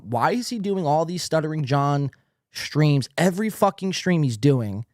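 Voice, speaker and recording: A man's voice: on the high side, expressive, normal speed, dry recording, studio quality. A man hosting a podcast, giving sarcastic, mocking commentary on video clips with lots of swearing. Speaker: podcast host.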